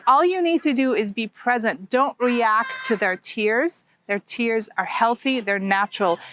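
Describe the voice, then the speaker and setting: A woman life coach talking casually to the camera outdoors in a gentle, encouraging way, laughing often. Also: fairly high pitch, a little hiss or hum. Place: outdoors, children playing nearby.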